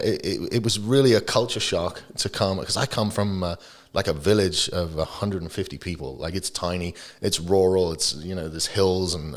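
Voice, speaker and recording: Low-voiced Englishman with Texan-tinged accent. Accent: English accent with Texan influence. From England. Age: late 30s. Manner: lively, jokey storyteller. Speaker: guest. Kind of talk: casual podcast chat.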